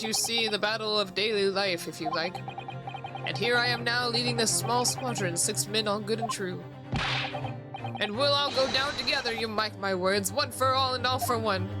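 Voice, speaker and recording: Game read: woman doing a gruff old army foreman, pompous and clipped, highish voice over music. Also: natural voice. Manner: clipped military bluster. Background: background music.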